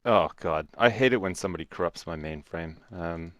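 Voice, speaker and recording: A man's voice: low-pitched, a little fast, no room sound. A man co-hosting a casual gameplay chat, self-deprecating and mumbling his asides. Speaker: co-host.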